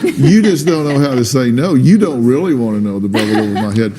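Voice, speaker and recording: A man's voice: mid-range voice, lively intonation, brisk, noisy background. A man hosting a talk show on a studio stage, questioning a guest in a blunt, probing, sarcastic way.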